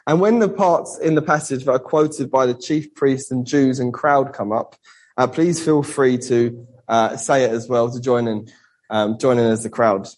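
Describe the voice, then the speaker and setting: A man preaching a sermon and reading a Bible passage, earnest, with rhetorical questions and slowing down for emphasis. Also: medium pitch, darkish tone, low-quality recording.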